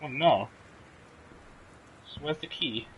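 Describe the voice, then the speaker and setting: A man's voice: on the high side, slow, a little hiss or hum, low-quality recording. A man casually commenting while he plays and streams a game, thinking aloud and reacting as he explores. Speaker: let's play streamer.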